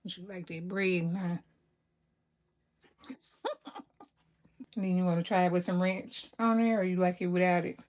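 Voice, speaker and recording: A woman's voice: on the low side, steady tone, a little slow, long pauses, a little mellow. Chatty Southern woman hosting a cooking vlog. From Mississippi, US. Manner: chatty, laughs often, addresses viewers as y'all. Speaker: cooking channel host. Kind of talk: casual chat.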